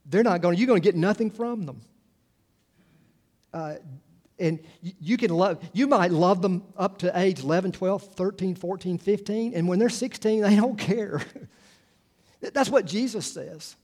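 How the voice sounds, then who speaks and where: A man's voice: high-pitched, unhurried, long pauses, darkish tone. Man preaching a rambling, conversational sermon. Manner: conversational, full of restarts and asides. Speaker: pastor.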